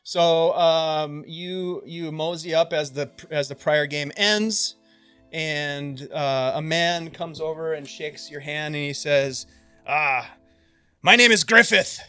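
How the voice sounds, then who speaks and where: A male game master running a tabletop session in a loose, chatty way. His voice is bright and forceful and sits fairly high. Faint music plays under him. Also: fairly even intonation, takes it slowly, clean tone, dry recording. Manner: loose and chatty, with frequent filler.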